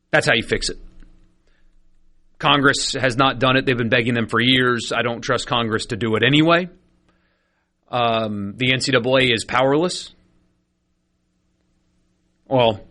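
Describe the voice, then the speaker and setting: A man's voice: mid-range voice, normal speed, long pauses, pushed and bright. A man hosting a sports radio show, chatty and opinionated, with frequent fillers. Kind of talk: casual sports talk radio. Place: radio studio.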